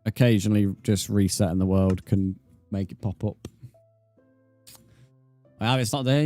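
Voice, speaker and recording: A young man with a British accent chats easily through a live game stream, his voice sitting fairly low. He answers viewers one by one in a casual, matter-of-fact way. Soft game music plays faintly behind him. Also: measured pace. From Britain. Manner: relaxed, reads chat aloud and answers viewers, says "mate". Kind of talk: casual live-stream chat while gaming.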